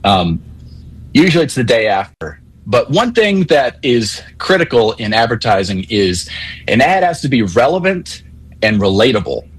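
A man calling in to a sports talk radio show, explaining things in a measured, methodical way. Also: medium pitch, sing-song, breathy edge, low-quality recording. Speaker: caller.

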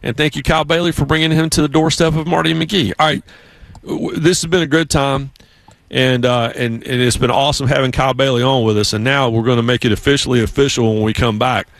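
A man's voice: medium pitch, fast talker, no echo. Southern man, radio host, dry studio sound. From South Carolina. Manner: storytelling, lively put-on voices for others. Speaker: radio sports show host. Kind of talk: casual radio chat.

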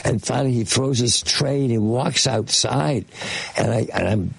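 A man's voice: mid-range voice, normal speed, vocal fry, husky, poor audio. An older man, a guest in an interview, tells rambling anecdotes full of fillers and restarts, livening them with little voice impressions. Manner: lively, mimics voices in his stories. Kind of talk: casual anecdote telling.

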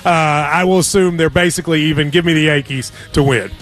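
A man's voice: on the high side, fairly quick. A man hosting a sports radio show, joking around in casual chat. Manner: jokey, animated, laughs often.

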